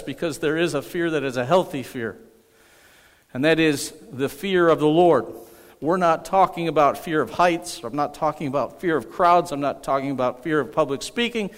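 Pastor, male, emphatic sermon delivery, fairly high voice, long church reverb. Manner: emphatic, calls for congregation response. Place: church sanctuary. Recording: echoey hall.

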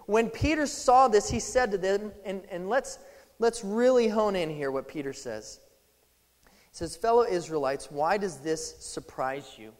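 A man preaching a sermon, casual and animated, acting out scripture scenes in little voices. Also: high voice, a little slow. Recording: long hall reverb.

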